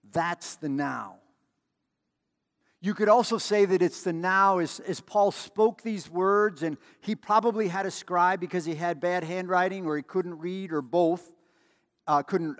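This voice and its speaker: A man's voice: high-pitched, big-room sound. A man preaching a sermon in a conversational way, with emphatic repetition and storytelling asides. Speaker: pastor.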